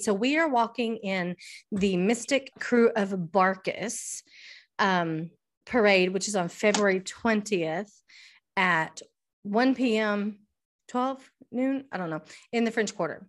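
A middle-aged woman, a podcast co-host in casual chat, telling an animated story, swearing freely and restarting often. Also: mid-range voice, unhurried.

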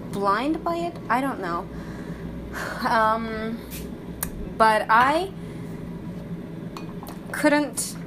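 A woman's voice: fairly high pitch, noisy background. A woman vlogging casually to the camera, hesitant and often stopping to search for words and correct herself, in her kitchen.

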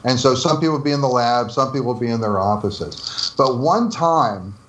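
A man's voice: mid-range voice, normal speed, a bit bright, reverberant, a little hiss or hum. A man from New Jersey telling stories as an interview guest, laughing often and acting out the dialogue he quotes. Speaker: interview guest, former game developer. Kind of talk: casual storytelling interview.

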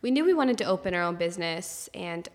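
A woman's voice: on the low side, expressive, fast talker, big-room sound. A woman from Northern Maine chatting casually and candidly, laughing often and swearing freely. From Northern Maine, USA. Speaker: guest. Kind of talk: casual chat.

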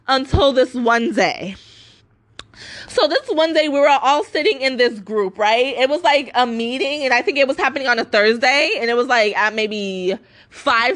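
A woman in her twenties hosting a podcast, ranting casually and swearing a lot, with many fillers. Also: a bit bright. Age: 20s. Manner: profane, emphatic, full of fillers; mocking high voice when quoting others. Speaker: podcast host.

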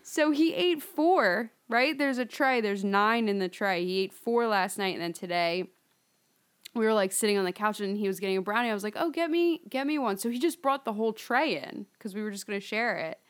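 A woman's voice: medium pitch, fairly quick, clear, resonant tone. A woman co-hosting a podcast, telling stories in casual chat, chatty with frequent laughs and fillers. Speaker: podcast co-host.

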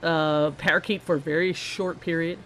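A woman's voice: sits low, steady tone, normal speed, a little hiss or hum. A woman co-hosting a podcast in casual chat, making joking, wry asides. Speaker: podcast co-host.

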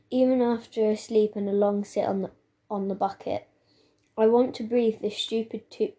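Woman, audiobook narrator, children's novel, steady plain telling, flat delivery. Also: mid-range voice. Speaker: audiobook reader. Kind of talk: reading a children's novel aloud.

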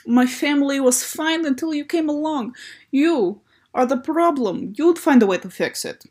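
A woman's voice: high voice, normal speed, a little mellow, pitched above the performer's own voice, lightly acted. A woman voicing a stern, resentful older sister with a put-on Russian accent, reading fan fiction dialogue aloud. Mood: cold resentful. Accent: mock Russian.

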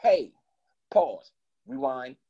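Man guest spinning a raw, lively story, swinging his pitch wide, voicing everyone in it. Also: drawn-out words, creaky, breathy edge, highs cut off. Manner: animated, profane, acts out both sides of conversations. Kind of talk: casual storytelling.

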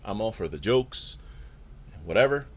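A man's voice: fairly low pitch, animated, a little slow. A man hosting his own podcast, ranting alone in a profane, exasperated way and often repeating words. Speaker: podcast host. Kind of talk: casual solo rant.

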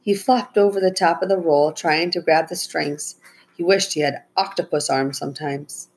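A woman reading a children's adventure story aloud as narrator, with a husky voice. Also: moderate pace, rough recording. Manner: raises her pitch for the children's lines, soft and low on tags.

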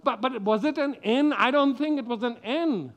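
A man's voice: very high-pitched, normal speed, highs cut off. A middle-aged man giving a children's sermon, telling the story with animation and asking the children questions. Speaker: preacher.

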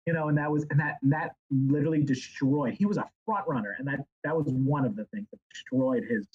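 A man who is a guest author, chatting in a rambling, animated way and slipping into silly impressions. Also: mid-range voice, fairly quick, slightly rough, dull audio. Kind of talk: casual chat.

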